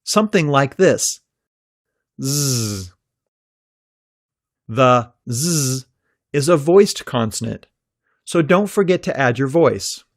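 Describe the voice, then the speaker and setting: Male narrator for a pronunciation lesson: slow and deliberate, holds out example sounds, dry close-mic read. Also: mid-range voice, animated, dry recording. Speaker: pronunciation teacher. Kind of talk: scripted instructional narration.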